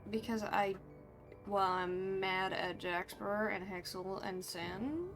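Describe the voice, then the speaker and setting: A woman streamer recounting her character's story in a roleplay game, animated and frustrated, swearing freely. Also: medium pitch, slow pace, over music.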